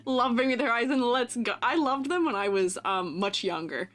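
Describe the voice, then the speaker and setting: A woman's voice: fairly high pitch, normal speed, a bit bright, faint music behind. A young woman streamer and art teacher chatting casually with her viewers, teasing and laughing often.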